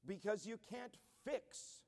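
A man's voice: high voice, expressive, slow, darkish tone. A man pastor preaching a sermon in an earnest style that builds to emphatic declarations. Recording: long church hall reverb.

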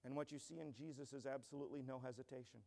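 A man's voice: medium pitch, steady tone, racing, vocal fry, warm tone, big-room sound. A man pastor preaching an earnest, emphatic expository sermon in a church.

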